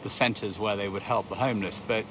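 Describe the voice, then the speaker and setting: A man's voice: fairly low pitch, fairly even intonation, a little fast, a bit bright, slight background noise. Reflective man recalling undercover work. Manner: reflective, hesitant with fillers. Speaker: former undercover reporter.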